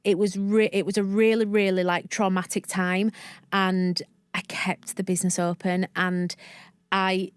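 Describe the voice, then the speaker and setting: A woman's voice: medium pitch, flat delivery, measured pace, smooth, no echo. A woman from Leeds with a broad Northern English accent, a coach chatting as a guest in a casual podcast interview, effusive and often restarting her sentences. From Leeds, England.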